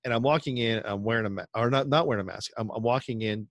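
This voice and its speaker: This man co-hosts a podcast, speaking quickly at a medium pitch with a fairly bright tone and no room sound. His storytelling is loose and rambling, packed with fillers and quotes he acts out.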